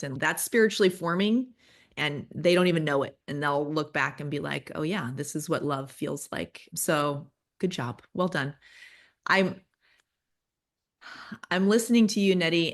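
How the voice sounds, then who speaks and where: A woman in her forties with a low voice, appearing as a children's ministry guest, shares candid, self-deprecating stories in a casual conversation.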